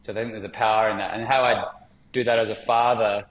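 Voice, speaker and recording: A man, a podcast guest telling stories in a candid, relaxed way with many fillers. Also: fairly low pitch, fast talker, echoey room, poor audio. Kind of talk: reflective storytelling in conversation.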